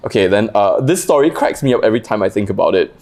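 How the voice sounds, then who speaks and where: A woman's voice: very deep voice, expressive, fast, darkish tone. A woman, a podcast guest chatting casually and reading listener stories, laughing often. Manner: giggly, laughs often, voice leaps up when laughing.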